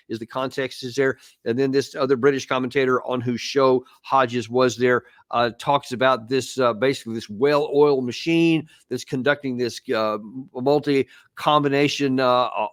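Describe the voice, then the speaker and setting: A man's voice: medium pitch, dry recording, studio quality. A man hosting an interview, talking in a casual, conversational way as he sets up questions. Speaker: host.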